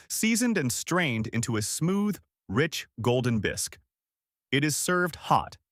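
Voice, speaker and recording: A man giving scripted documentary narration in a measured, declarative way, with clipped short sentences. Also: mid-range voice, fairly bright tone, dry recording, clean studio sound.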